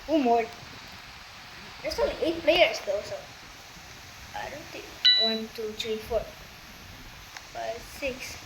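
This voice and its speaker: A woman's voice: on the high side, takes it slowly, pauses often, heavy background noise. A woman giving casual commentary on her own gameplay. She talks straight to her viewers, breaks out in laughter and exclamations, and uses loose, broken grammar. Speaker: gamer narrating her own play.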